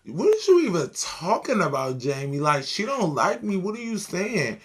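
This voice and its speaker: A woman acting out a laid-back young man who gets defensive, with a lowered, drawling voice. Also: sing-song, normal speed, slightly rough. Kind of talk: storytime reenactment.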